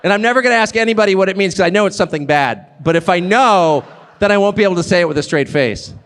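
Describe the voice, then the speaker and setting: Lively high-voiced man, echoey hall. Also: fast, clear, resonant tone. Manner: digressive, joking, emphatic. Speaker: guest speaker at a live event. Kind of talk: live stage speech.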